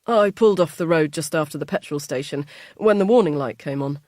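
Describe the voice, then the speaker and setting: A woman's voice: fairly low pitch, brisk, a little mellow, no echo, clean studio sound, close to an everyday voice. A woman playing a defensive, grumbling husband. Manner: apologetic, clipped, grumbling. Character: stressed young British husband, defensive, irritable.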